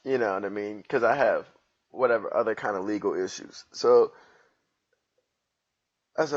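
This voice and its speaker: A man's voice: fairly low pitch, moderate pace, long pauses, slightly rough, muffled recording. A man hosting a podcast, telling a story in a casual, profane and self-mocking way. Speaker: podcast host.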